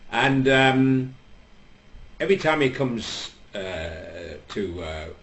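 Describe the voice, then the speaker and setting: An older man with a Northern English accent telling a long, rambling comic story, deadpan and full of hesitations. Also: medium pitch, slow. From England. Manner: deadpan, digressive, lots of hesitations. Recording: echoey room with faint background hum.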